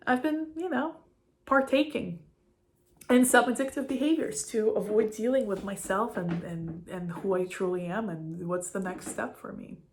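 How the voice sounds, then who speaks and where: A young woman speaking an unscripted, heartfelt spiritual monologue to her viewers, rambling and full of "like" fillers. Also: medium pitch. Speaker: spiritual vlogger.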